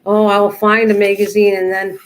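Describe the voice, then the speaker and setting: A woman's voice: medium pitch, level tone, a little fast, slight background noise, low-quality recording. An older woman hosting a live crafting stream, chatting casually, rambling and answering viewers as she works. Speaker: crafting livestream host.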